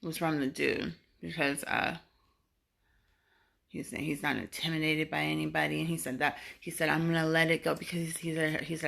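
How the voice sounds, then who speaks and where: A woman's voice: low-pitched, level tone, normal speed, gravelly, fairly bright tone. A woman vlogger telling a story casually to camera, rambling with fillers and restarts and swearing freely.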